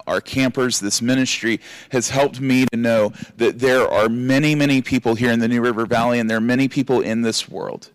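Pastor giving a lively sermon, dry close sound. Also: male voice, mid-range voice, no echo. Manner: animated, acts out scolding and encouraging voices.

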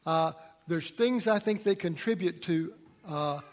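A middle-aged pastor with a high voice preaches to his congregation at a slightly slow pace, his words echoing in a big-room church sound. He tells folksy stories packed with fillers and restarts.

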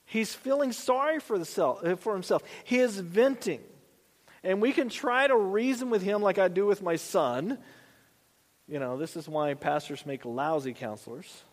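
A man's voice: sits high, moderate pace, in a large hall. A man preaching a sermon in a conversational, folksy way with lots of asides. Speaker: pastor.

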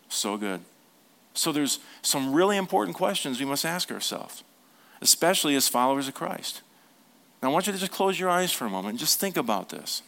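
Pastor preaching a lively sermon. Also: male voice, fairly high pitch, brisk, vocal fry. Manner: animated, asks the congregation questions and repeats them; drops to soft, hushed tones for tender points.

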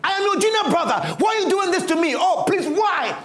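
A desperate young man begging his brothers for mercy, as a preacher acts him out, his voice climbing high and breaking with each plea. The begging swings widely in pitch and rings through an echoey room. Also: big pitch swings, brisk, a bit bright, full character voice. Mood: pleading.

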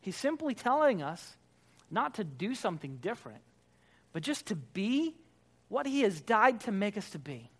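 A man, a Baptist pastor preaching a sermon, emphatic and swinging between loud declarations and quiet, soft prayer. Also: high-pitched, big pitch swings, normal speed, slightly rough.

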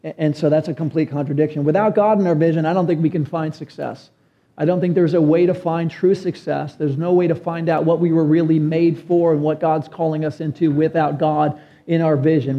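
High, mellow-voiced male preacher. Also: highs cut off. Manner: earnest preaching with rising emphatic phrases. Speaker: pastor. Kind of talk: sermon.

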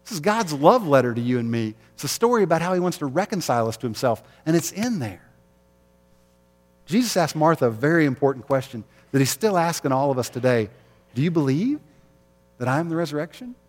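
A man's voice: a little high, expressive, brisk, in a large hall. A man preaching an Easter sermon as pastor, conversational, with rhetorical questions and light jokes.

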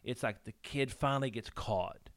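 A man hosting a podcast, telling a story in casual chat with halting restarts. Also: mid-range voice, a bit bright. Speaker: podcast host.

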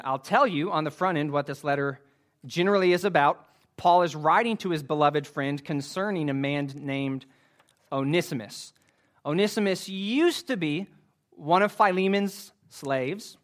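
A man's voice: on the high side, a bit bright. A man preaching a sermon to his congregation, earnest and careful, with frequent fillers. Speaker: pastor.

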